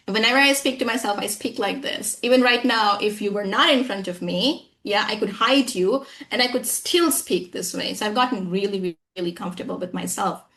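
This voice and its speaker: A woman's voice: medium pitch, a bit bright. A woman English trainer speaking with an acquired American accent, talking emphatically in an interview and often asking "you know what I'm saying". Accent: American-style accent, acquired. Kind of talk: conversational interview.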